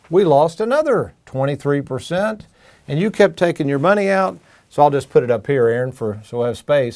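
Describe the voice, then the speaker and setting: Guy with a higher-pitched voice walking folks thru retirement numbers at a whiteboard, chatty and folksy. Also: a little mellow. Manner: folksy, addresses the audience as folks, asks rhetorical questions. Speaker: financial advisor and show host. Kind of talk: explaining at a whiteboard.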